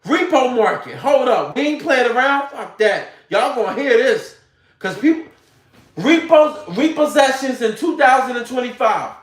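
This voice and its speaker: A man's voice: very high voice, normal speed. A man ranting to his viewers in a profane, slangy way, speaking straight at them as an online commentator. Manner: animated, profane, slangy, addresses viewers directly. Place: home room with a computer. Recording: roomy echo.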